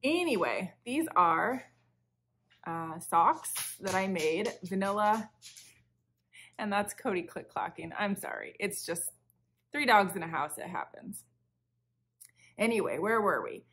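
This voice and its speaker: A woman's voice: medium pitch, lively intonation, slow pace, long pauses, fairly bright tone. A woman hosting a crafting podcast from home, chatting casually and rambling a little, with a slightly sick voice. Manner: chatty, rambling, self-interrupting. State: recovering from illness, a bit sick. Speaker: podcast host. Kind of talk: casual chat. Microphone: camera for a video podcast.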